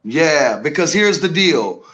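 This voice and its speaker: Brief: man, stream guest, blunt and determined, slightly high voice. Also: big pitch swings, takes it slowly, a bit bright.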